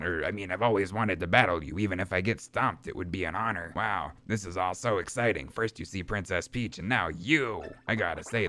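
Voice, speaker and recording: A man voicing an eager, starstruck young minion in a video game, talking quickly and gushing. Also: low-pitched, pushed and bright, slight background noise.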